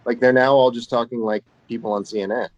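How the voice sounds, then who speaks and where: A man's voice: medium pitch, steady tone, fast, dry recording, highs cut off. A man co-hosting a casual talk show, musing thoughtfully with lots of fillers. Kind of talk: casual chat.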